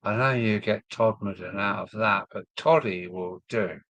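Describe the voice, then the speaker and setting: His voice sits lowish and a bit bright, moving at a moderate pace with no room sound. A man from Kent with a southern English accent, he runs a model railway live stream and chats loosely about viewer comments, musing aloud with frequent ums and trailing off.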